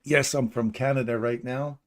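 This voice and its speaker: A middle-aged Englishman hosts a live trading stream as the channel's trader, casually walking through the chart, thinking aloud and joking with chat. He speaks at a normal speed in a mid-range voice with a steady tone.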